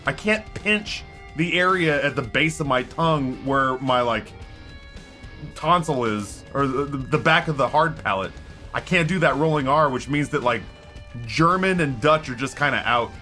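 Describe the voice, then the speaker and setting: A man's voice: mid-range voice, expressive, moderate pace, bright, forceful tone, soft background music. An American man streaming, chatting casually with his viewers in a rambling way, often stopping and restarting his sentences. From United States. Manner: rambling, self-interrupting with many restarts.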